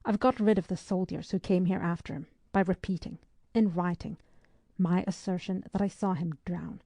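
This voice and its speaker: Woman narrator voicing a stern, curt sea captain; low, mellow, dry read for a storybook. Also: steady tone, moderate pace, no room sound. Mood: grim. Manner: curt and grim. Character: grim, curt naval captain, middle-aged man. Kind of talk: audiobook character reading.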